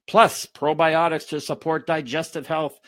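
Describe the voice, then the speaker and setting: A man's voice: on the high side, flat delivery, measured pace, a bit bright, no echo. A man coaching in a live webinar, reading out food labels with sarcastic, exasperated commentary and calling his viewers folks. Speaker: fitness coach hosting a webinar.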